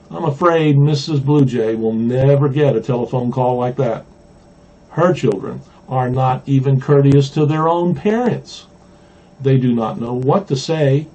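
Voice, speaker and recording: A man from Mississippi, a pastor, reading a children's storybook aloud with gentle humor, in a dull lo-fi recording. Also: medium pitch, breathy edge. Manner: gently humorous, chuckling at the jokes.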